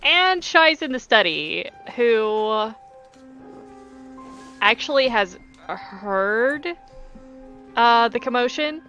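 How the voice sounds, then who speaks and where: Woman game master, bright tone, narrates at a deliberate pace over a lo-fi stream line. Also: on the high side, animated, faint music behind. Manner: unhurried, thinking aloud. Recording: dull lo-fi stream audio.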